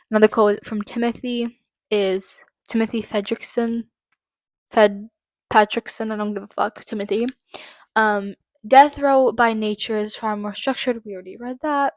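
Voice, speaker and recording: A woman's voice: mid-range voice, dry recording. Woman, true-crime commentary, furious and foul-mouthed, stumbling over quotes, dry close sound. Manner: angry, profane, reads quotes haltingly. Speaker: channel host.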